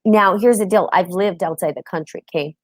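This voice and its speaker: A woman's voice: lowish voice, fairly quick, no echo. Chatty woman hosting a live stream. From United States. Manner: open, chatty, greets viewers by name. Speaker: host. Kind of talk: casual live-stream talk.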